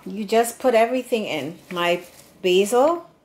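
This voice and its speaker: A woman's voice: medium pitch, lively intonation, unhurried, background noise. A woman hosting a home cooking demonstration, chatty and meandering, often restarting her sentences. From Serbian background. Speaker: home cooking channel host. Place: home kitchen.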